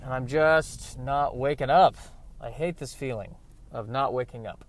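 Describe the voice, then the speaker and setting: A man hosting a solo podcast, rambling in a halting, self-mocking way with frequent restarts, while on the way to work in his car. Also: medium pitch. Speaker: podcast host. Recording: road noise from a moving car.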